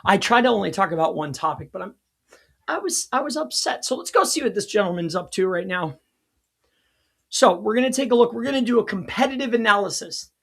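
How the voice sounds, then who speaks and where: A man hosting a casual live teaching stream as a consultant, talking in an excitable, rambling way, laughing at his own jokes, his voice sounding strained. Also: high-pitched, fairly quick, creaky, breathy edge. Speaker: local SEO consultant and livestream host.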